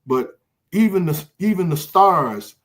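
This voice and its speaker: A man's voice: sits high, lively intonation, unhurried, a bit bright. An older man hosting a podcast, talking casually and with animation, often repeating words as he searches for a thought. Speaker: podcast host.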